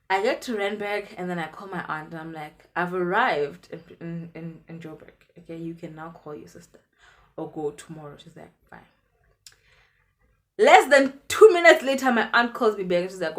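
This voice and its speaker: A young woman with a South African accent chats through a personal story. Her voice is fairly low for a woman, and she slips into the people she quotes as she goes. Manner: chatty, animated retelling with quoted dialogue. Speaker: vlogger. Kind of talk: casual storytime.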